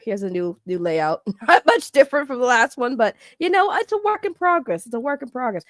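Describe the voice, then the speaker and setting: A woman's voice: mid-range voice, no echo. Woman streamer, chatty and self-mocking, dry close sound. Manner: chatty, self-mocking, greets chat by name. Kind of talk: casual livestream chat.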